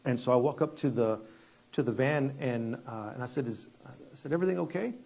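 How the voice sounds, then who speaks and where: Conversational guest pastor, mellow husky voice. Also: male voice, mid-range voice, animated, fairly quick. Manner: conversational, repeats words and restarts, drops quiet for dramatic story moments. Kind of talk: sermon with storytelling.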